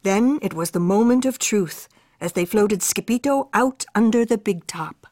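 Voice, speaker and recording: A woman's voice: mid-range voice, moderate pace, a little mellow, no echo. A woman reading a children's picture book aloud in a playful, sing-song way, sprinkling in Spanish words. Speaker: storybook reader.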